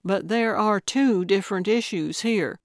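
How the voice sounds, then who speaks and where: A woman narrator voicing a blunt, coaxing elderly woman amateur detective in an audiobook, speaking louder and more briskly than her narration. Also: mid-range voice, no room sound, studio quality, lightly acted.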